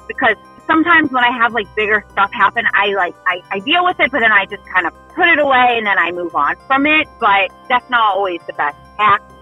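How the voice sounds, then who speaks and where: A woman telling a spooky personal story in casual chat, animated and breathless. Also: fairly high pitch, brisk, hardly any pauses, slightly rough, muffled recording, faint music behind. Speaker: storyteller recounting a haunting.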